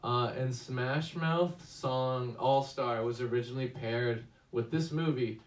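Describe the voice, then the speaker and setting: A man's voice: mid-range voice, slow pace. Man, casual movie review host, rambling with fillers, roomy echo, distant mic. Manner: rambling, many fillers and restarts. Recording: echoey room, distant mic.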